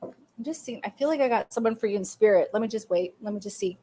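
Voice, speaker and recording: Woman host giving live psychic readings; soft, effusive, emphatic, fillers throughout, mid-range pitch. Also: quick pace. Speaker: psychic medium and podcast host. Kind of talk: live-streamed intuitive reading.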